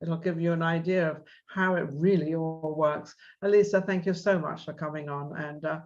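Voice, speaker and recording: A woman's voice: sits low, steady tone, moderate pace, darkish tone, highs cut off. A woman host of an interview show, talking with enthusiasm in a rambling, restarting way. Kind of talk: casual interview chat.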